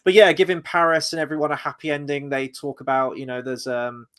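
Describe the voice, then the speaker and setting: A man's voice: on the high side, little pitch movement, fairly quick, fairly bright tone. A man hosting a casual film review chat, easygoing and loose, with plenty of "you know" and "whatnot". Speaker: host.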